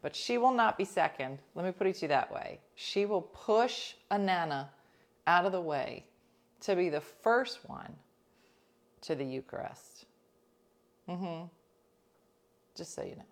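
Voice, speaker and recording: A woman telling stories to her listeners in casual chat, animated and talkative, sometimes dropping into whispers for asides. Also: fairly low pitch, a little slow, long pauses. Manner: chatty, animated, drops into whispers for quoted asides.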